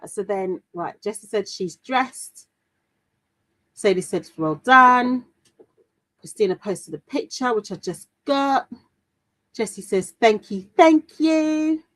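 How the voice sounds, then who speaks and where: On a poor-quality recording, a UK woman, an adult and mother of a daughter, hosts a crafting livestream in a mid-range, sharp-toned voice with lively intonation. She talks slowly with long pauses, chatting casually and reading viewer comments amid plenty of fillers and restarts.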